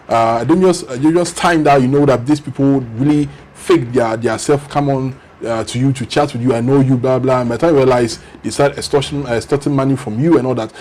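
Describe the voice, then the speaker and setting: A man's voice: medium pitch, darkish tone. A young man talking as a guest in a casual chat, giving earnest advice.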